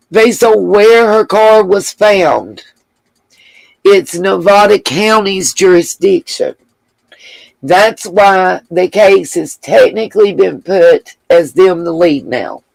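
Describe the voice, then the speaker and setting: A woman's voice: medium pitch, slow, vocal fry, no room sound, poor audio. A woman hosting a casual livestream, reading viewer comments aloud and thanking them with gushing endearments. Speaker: livestream host.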